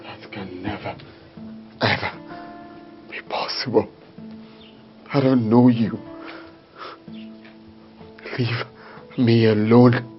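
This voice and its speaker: An actor playing a crippled husband who pleads in anguish, his voice gravelly and raspy. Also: lowish voice, slow, pauses often. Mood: pleading. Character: crippled, tormented husband, adult man. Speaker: actor in a drama series. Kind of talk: dramatic film acting. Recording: dull sound with faint music.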